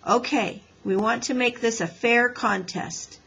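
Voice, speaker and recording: A woman's voice: fairly high pitch, a little slow, vocal fry, fairly bright tone, slightly rough, voice pushed up, heavily acted, poor audio. A woman voicing a fair-minded boy who referees the contest in a firm, commanding tone.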